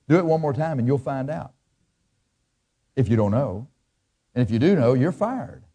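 A man preaching a sermon as pastor, blunt and emphatic, acting out people's excuses in a higher whiny voice. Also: animated, normal speed, pauses often, dark tone, husky.

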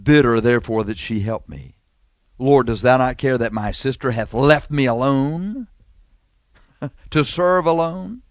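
A fretful, overworked hostess pleading for help with the serving, as a preacher reads her lines. Her complaint comes in a plain mid-pitched voice, recorded dry and close with no room sound. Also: a little slow, dry recording, natural voice. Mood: complaining.

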